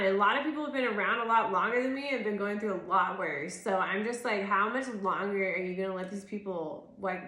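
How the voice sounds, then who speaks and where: A woman's voice: mid-range voice, sharp tone. A woman in her thirties giving a casual tarot reading, ranting in a rambling, exasperated way, swearing often and filling her talk with "like". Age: 30s. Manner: rambling, exasperated and profane, full of "like". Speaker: tarot reader. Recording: echoey room.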